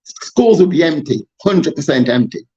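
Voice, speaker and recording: A man's voice: a little high, animated, moderate pace, dark tone, dull audio. Exasperated man ranting. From Jamaica. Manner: passionate, exasperated, rambling with restarts. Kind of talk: casual political discussion.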